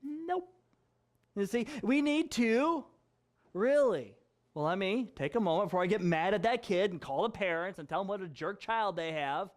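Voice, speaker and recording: A man's voice: sits high, expressive, moderate pace. A male pastor preaching a conversational sermon, chatty and jokey, with frequent asides and laughter.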